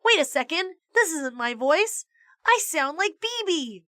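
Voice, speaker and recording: A startled young schoolboy from a storybook, puzzled by his own voice, voiced by a woman. High and bright, close and dry. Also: big pitch swings, a little slow, dry recording, exaggerated voice.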